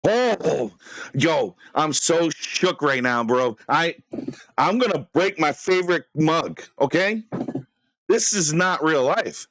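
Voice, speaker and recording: A man's voice: a little high, animated, takes it slowly, a bit bright, no echo, poor audio. A man hosting a live stream, ranting in theatrical mock fury at a fellow streamer.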